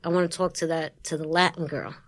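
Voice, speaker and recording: A woman with a Brooklyn New York accent, a guest in a studio interview, telling stories in a lively way and acting out the voices of the people she quotes. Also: sits low, fast. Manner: lively storyteller who acts out quoted voices and laughs often. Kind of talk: casual interview storytelling.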